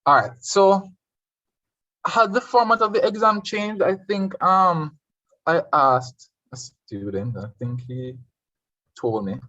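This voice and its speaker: A man's voice: a little high, slow pace, long pauses, sharp tone, no room sound. A Jamaican man teaches a live online Spanish revision class, hopping between English and Spanish and firing questions at students. His voice sounds dry and a bit dull, like audio from a video call. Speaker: Spanish tutor.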